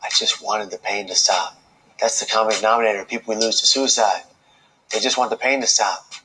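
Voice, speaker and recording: Low-voiced man telling a personal story. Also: steady tone, brisk, pushed and bright, a little hiss or hum, poor audio. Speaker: speaker telling his own survival story. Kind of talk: emotional personal storytelling speech.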